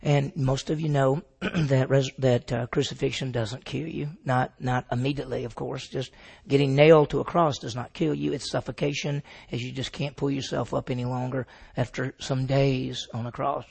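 A man with a gravelly, slightly husky voice teaches scripture to a live group. He keeps putting questions to his listeners and then supplies the answers. His pitch sits in an ordinary middle range. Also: steady tone, moderate pace, darkish tone. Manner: asks the audience questions and answers them. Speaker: Bible teacher. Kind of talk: interactive Bible teaching.

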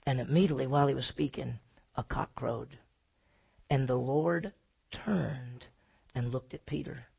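Gravelly, husky preacher man. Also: medium pitch, unhurried, pauses often. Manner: swings from loud emphatic preaching to hushed, near-whispered lines; asks the congregation questions and answers them himself. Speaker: pastor. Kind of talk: sermon.

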